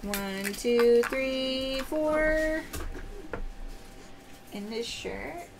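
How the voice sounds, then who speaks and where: Here the pearl-sale host speaks extremely slowly in a high register, her voice creaking with vocal fry over a noisy background. Still cheery and upbeat, she opens oysters on her live stream and calls out prizes and pearl sizes for viewers.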